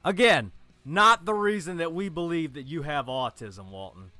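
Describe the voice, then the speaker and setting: High, bright mocking male streamer. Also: expressive, normal speed. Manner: mocking, profane. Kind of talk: casual stream chat.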